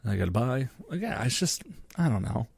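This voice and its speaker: A man's voice: mid-range voice, big pitch swings, brisk, vocal fry, a little mellow, slightly rough, no echo. A young man, co-hosting a podcast and ranting sarcastically about sports, swearing freely. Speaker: podcast co-host. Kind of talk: solo sports podcast rant.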